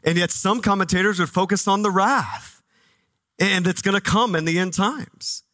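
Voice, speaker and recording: A man preaching a sermon as pastor, conversational and animated, dropping low and soft for reverent moments. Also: moderate pace, dry recording. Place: church.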